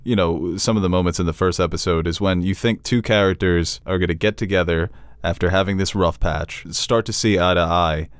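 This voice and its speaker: Low-voiced man chatting on a podcast. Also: smooth, no echo, studio quality. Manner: animated, laughing, quick to joke. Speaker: podcast co-host. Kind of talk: casual chat.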